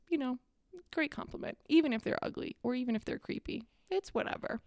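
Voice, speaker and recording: Sarcastic woman ranting, gravelly dry voice. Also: fairly high pitch, mellow, no echo. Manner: sarcastic, exasperated. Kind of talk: casual ranting monologue.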